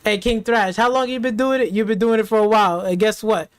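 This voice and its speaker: A man's voice: high voice, steady tone, fairly quick, dry recording. A man ranting in heated, profane slang as a reaction streamer, repeating himself and trash-talking rivals.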